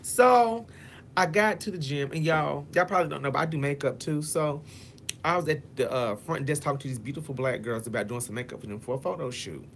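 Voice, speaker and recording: Guy doing a storytime vlog, talks to y'all, cusses a lot, acts out voices, faint rumble behind. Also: brisk, fairly bright tone. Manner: profane, dramatic, addresses viewers as y'all; acts out quotes in shifting voices.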